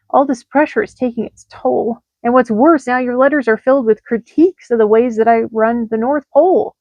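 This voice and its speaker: A woman reading rhyming holiday letters aloud in a lively sing-song delivery. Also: a little high, no room sound, lo-fi sound. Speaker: storyteller.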